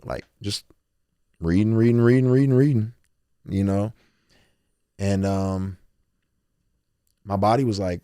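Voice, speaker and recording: A man with a fairly low voice speaks candidly as an interview guest. He is earnest and emotional, repeats words and quotes his own thoughts aloud. The sound is dry and close. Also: animated, normal speed, pauses often, a little mellow, no room sound. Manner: loose, repeating words and restarting phrases. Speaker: podcast guest, rapper.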